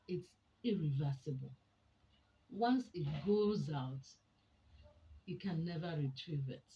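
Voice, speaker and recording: A woman giving a teaching talk to an audience, deliberate and emphatic, often asking rhetorical questions. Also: low voice, darkish tone, poor audio. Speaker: speaker on a women's program.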